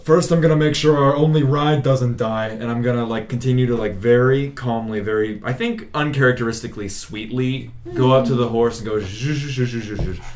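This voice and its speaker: A man's voice: mid-range voice, fairly even intonation, a little fast, hardly any pauses, darkish tone. A man playing a healer character in a tabletop game who jokes and rambles loosely while describing his actions. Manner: joking, rambling. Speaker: player.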